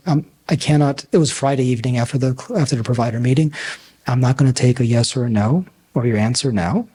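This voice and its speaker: A man with a husky voice in a mid-range pitch delivers a conference talk. He works like a storyteller, acting out the people in his anecdotes and swinging his pitch up and down as he goes. As a physician and coach, he speaks plainly and directly to the audience. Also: quick pace, dark tone. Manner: storytelling, acts out dialogue with big pitch swings.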